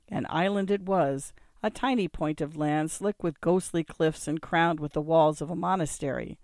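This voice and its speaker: A man's voice: a little high, smooth, no echo, clean studio sound. Man reading a dramatic story. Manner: vivid, relishing, theatrical. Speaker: narrator.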